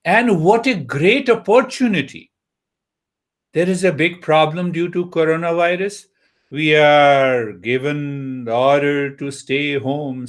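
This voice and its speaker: A man giving a spiritual talk on meditation as a teacher, unhurried, asking his listeners rhetorical questions. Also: medium pitch.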